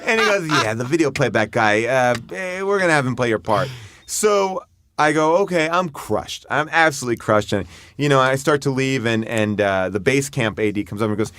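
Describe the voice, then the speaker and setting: Man telling a lively story. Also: mid-range voice, normal speed, no room sound. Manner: animated anecdote, acting out other people's voices. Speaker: podcast guest. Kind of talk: casual storytelling.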